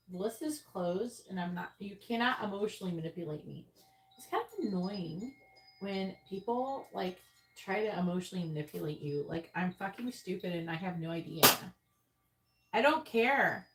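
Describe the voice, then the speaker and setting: A woman's voice: on the low side, lively intonation, normal speed, faint music behind, low-quality recording. A woman hosting a live tarot stream, talking bluntly and profanely in a casual, exasperated way. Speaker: tarot reader hosting a livestream. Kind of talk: casual livestream talk. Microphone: earbuds.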